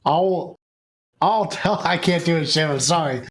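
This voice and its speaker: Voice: medium pitch, unhurried. A player introducing their character in a giggly, self-deprecating way.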